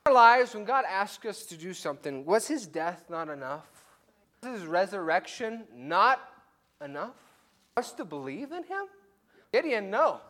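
A man's voice: high-pitched, big pitch swings, unhurried, fairly bright tone. A male pastor preaching a conversational, story-driven sermon to his church. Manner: conversational, storytelling with acted-out quotes.

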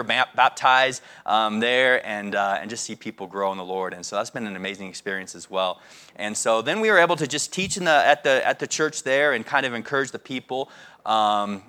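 Bright-voiced man giving a rambling mission report. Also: medium pitch. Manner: rambling, many fillers and restarts. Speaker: missionary speaking to a church.

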